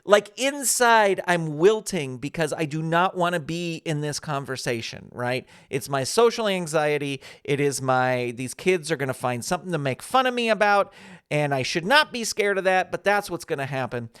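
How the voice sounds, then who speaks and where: A man's voice: on the high side, normal speed, smooth. A man in his fifties, a podcast host telling a chatty, self-deprecating story in a casual monologue. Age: 50s. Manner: chatty, self-deprecating, animated when quoting others.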